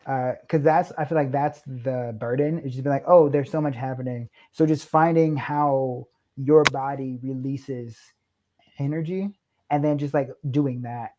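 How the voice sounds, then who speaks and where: A young man, a podcast guest, chatting casually and acting out his own quoted lines with lively shifts. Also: mid-range voice, a little slow, slight background noise. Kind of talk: casual chat.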